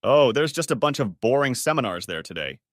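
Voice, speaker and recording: A man's voice: mid-range voice, big pitch swings, a little fast, no room sound, lightly acted. Man playing a smug guy, breezy and offhand, dry close sound.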